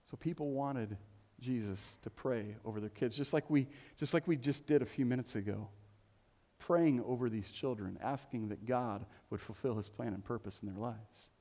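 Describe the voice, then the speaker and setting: A man's voice: mid-range voice, normal speed, dark tone. A man preaching a sermon as a pastor in a church, conversational and joking, with playful asides. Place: church sanctuary. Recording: long reverb of a church hall.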